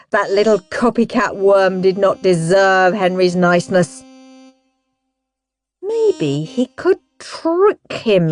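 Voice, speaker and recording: Slow, expressive woman storyteller. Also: lowish voice. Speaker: audiobook narrator. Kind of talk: scripted narration.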